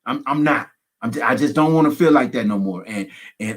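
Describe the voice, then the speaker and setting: A pastor speaking candidly as a guest, emphatic, with folksy humorous asides and runs of repeated phrases. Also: male voice, mid-range voice, animated, fairly quick. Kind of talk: candid conversational testimony.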